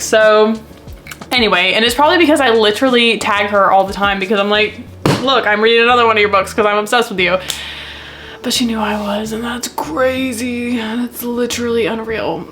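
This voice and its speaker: A young woman in her twenties chatting to camera about her books, gushing and excitable, rambling from one thought to the next. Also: mid-range voice. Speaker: book vlogger. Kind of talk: casual chat to camera.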